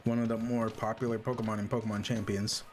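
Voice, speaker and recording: A man casually chatting to his viewers while playing a game, with hiccups and frequent throat clearing. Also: fairly low pitch, fast talker, a little hiss or hum. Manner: relaxed, chatty, answers chat questions. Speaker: streamer. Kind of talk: casual gaming livestream chat.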